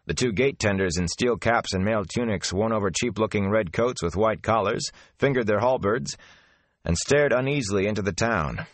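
Deep-voiced male audiobook narrator. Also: no echo. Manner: steady, measured storytelling. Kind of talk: scripted fantasy narration.

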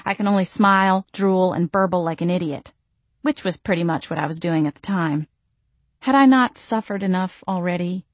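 A woman's voice: fairly low pitch, no echo. A woman reading a first-person audiobook in a wry, self-deprecating way. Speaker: audiobook narrator.

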